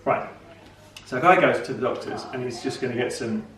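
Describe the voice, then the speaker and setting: A middle-aged man hosting a vlog at home chats casually to camera and tells a rambling joke. His mid-range voice is a bit bright and moves a little fast. The indoor recording sounds roomy, picked up from far off camera.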